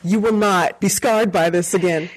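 A middle-aged woman chatting casually as a co-host, telling a story with lively laughter. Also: lowish voice, normal speed. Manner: animated storyteller, laughs often.

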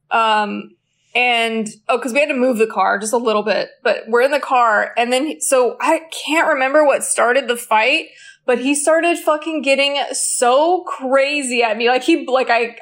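A woman's voice: sits high, a bit bright. A young woman in casual chat, telling a story about herself candidly and mocking herself.

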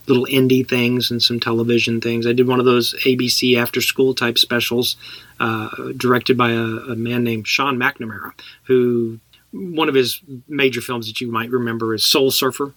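Middle-aged texas guy telling acting stories on a podcast, bright tone, dry mic. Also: mid-range voice, level tone, normal speed, dry recording. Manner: chatty, laughs while telling anecdotes. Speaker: actor guest. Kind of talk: casual podcast storytelling.

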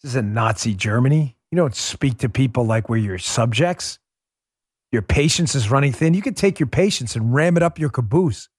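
A man from New York City hosting a podcast, delivering a heated, sarcastic political monologue that rises into shouts. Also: medium pitch, lively intonation, moderate pace, hardly any pauses, husky, no echo, clean studio sound. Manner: combative, sarcastic, rising to shouts. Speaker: podcast host.

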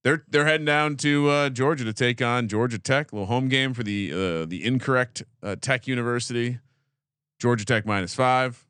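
A man co-hosting a sports betting podcast, joking, animated and swearing freely in casual chat. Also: mid-range voice, normal speed, clean tone, dry recording, studio quality. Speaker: podcast co-host.

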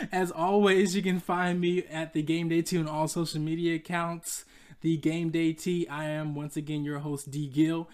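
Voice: mid-range voice, level tone, unhurried, a little mellow, smooth. Podcast host, from Georgia, chatty, playful, laughs a lot, casual solo monologue. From Georgia, USA. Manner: playful and chatty, laughs often, talks straight to listeners.

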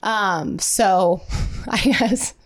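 A woman's voice: medium pitch, very slow. Chatty young woman co-hosting a podcast. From Midwestern United States. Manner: chatty, upbeat, lots of "like" and "um". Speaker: podcast co-host. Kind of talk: casual chat.

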